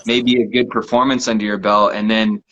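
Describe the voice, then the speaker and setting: A man hosting a casual chat from his living room, relaxed and laughing often, with lots of fillers. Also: on the low side, normal speed, dull audio. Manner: laid-back, laughs often, many fillers. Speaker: host.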